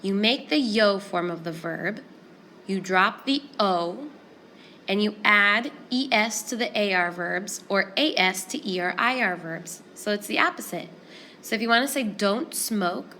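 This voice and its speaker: A woman teaches a Spanish lesson, walking through each rule in a clear, patient, step-by-step way. Her voice sits at a medium pitch, with a faint hiss of noise behind it. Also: a little slow. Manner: clear, explanatory, steady step-by-step pacing. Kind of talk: classroom grammar lesson.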